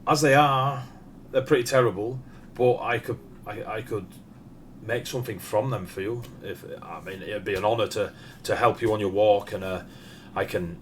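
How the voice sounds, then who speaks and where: A man's voice: on the low side, normal speed, natural voice. A man voicing an awkward, eager village blacksmith who stammers and speaks over-formally, with faint background noise. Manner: stammering, flustered, overly formal.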